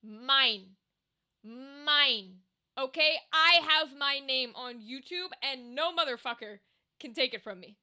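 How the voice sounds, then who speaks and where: A young woman streamer ranting casually to her chat, animated, exasperated and swearing freely. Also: sits high, moderate pace.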